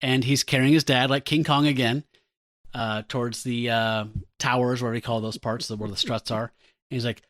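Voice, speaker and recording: A man's voice: medium pitch, flat delivery, moderate pace, a bit bright, no echo, clean studio sound. A man co-hosting a casual comic book podcast, recapping panels in a chatty way and laughing often. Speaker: podcast co-host.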